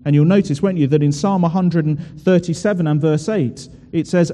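A man delivers a sermon in a church, leaning on rhetorical questions and drawn-out emphatic phrases. His voice sits a little high yet sounds very dark and mellow. A long hall reverb trails each phrase. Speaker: preacher.

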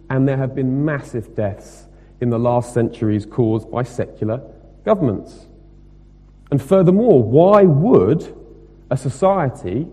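A man preaching a sermon, emphatic and rhetorical, moving between loud stressed points and quieter asides. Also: mid-range voice. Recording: long reverb of a hall.

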